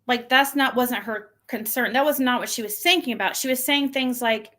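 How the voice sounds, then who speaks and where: A woman's voice: moderate pace, a bit bright. A woman hosting her own channel, venting casually and exasperatedly, mimicking the messages she received. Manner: venting, exasperated, mocks quoted texts in a shrill voice. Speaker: channel host. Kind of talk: casual livestream rant.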